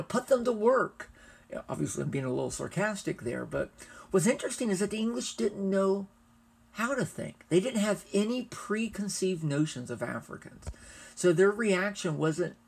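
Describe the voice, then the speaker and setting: A male history lecturer talking his class through the material in an easygoing, chatty manner. His voice sits a little high for a man, with a gravelly, fry-laced edge and a husky texture. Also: a little mellow. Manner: explanatory, loose and chatty.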